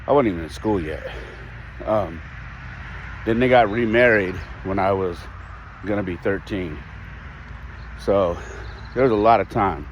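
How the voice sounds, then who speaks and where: A man with a very low voice hosts a podcast and tells a personal story in a candid, reflective way. He restarts his sentences often and sighs now and then. Faint street and traffic noise sits in the background. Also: measured pace, long pauses, lo-fi sound. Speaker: podcast host.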